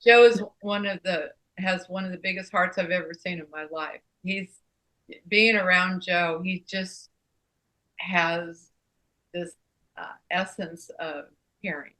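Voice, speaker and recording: A woman with a bright, forceful voice chimes in on a casual talk show. She listens and admires, and her voice is a bit lower than average. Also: fairly even intonation, a little slow, poor audio. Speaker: co-host. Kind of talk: casual chat.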